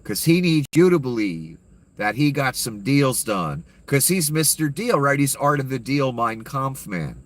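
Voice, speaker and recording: A man's voice: medium pitch, very animated, unhurried. A man giving an angry, profane and sarcastic rant of political commentary.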